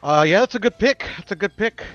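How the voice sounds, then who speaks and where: A man's voice: high-pitched, expressive, brisk, a bit bright, no echo, lo-fi sound, soft background music. A man co-hosting a casual stream, laid-back and a bit hesitant. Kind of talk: casual livestream chat.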